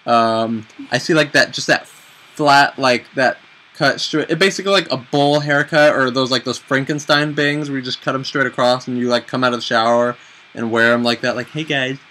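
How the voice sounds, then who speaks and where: Bright-voiced chatty young man vlogging. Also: medium pitch, moderate pace, rough recording. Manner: chatty, animated, self-mocking. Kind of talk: casual advice chat.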